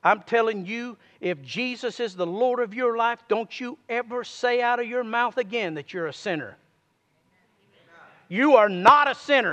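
A man preaches in a strikingly high, bright voice that swings widely in pitch. He takes his time, pressing the congregation to say lines back to him. His words ring out with a long reverb, as in a large hall. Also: expressive, moderate pace. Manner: call-and-response, urging listeners to repeat. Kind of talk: sermon.

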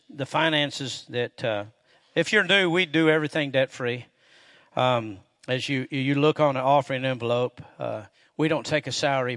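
A middle-aged man, a pastor preaching a sermon in a church and telling folksy stories, getting loud and animated when excited. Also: medium pitch. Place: church sanctuary. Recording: echoey hall with long reverb.

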